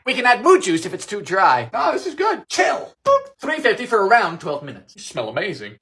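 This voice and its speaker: A man from Bermuda, hosting a cooking show with comedic recipe narration, theatrical wry asides and sudden jumps into high exclamations. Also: wildly swooping pitch, brisk, fairly bright tone.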